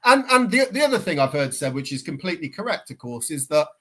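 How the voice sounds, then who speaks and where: A man's voice: on the high side, big pitch swings, quick pace, a bit bright, slightly rough. A man on a football fan podcast, emphatic and argumentative, who stumbles over the first words of his points. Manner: emphatic, argumentative, stammers when starting. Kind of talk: casual fan chat.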